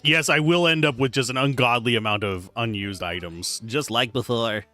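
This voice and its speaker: A man's voice: medium pitch, normal speed, sharp tone, soft background music. A man streaming a game, giving wry, rambling casual commentary.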